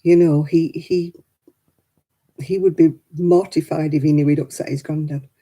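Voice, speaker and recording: A woman's voice: sits low, steady tone, moderate pace, dark tone. An older woman, hosting a casual live chat and telling stories with frequent laughter. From England. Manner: chatty storytelling, laughs often. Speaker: livestream host.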